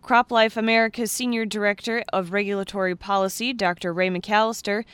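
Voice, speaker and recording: A woman anchoring a radio farm news program, reading the stories in a steady, measured way. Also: medium pitch, clear, resonant tone, dry recording. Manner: steady, measured newsreader delivery.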